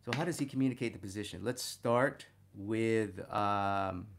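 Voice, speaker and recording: A man teaching figure drawing and talking through a study, energetic and punctuating his points with "boom". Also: normal speed, creaky, slight background noise. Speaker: art instructor.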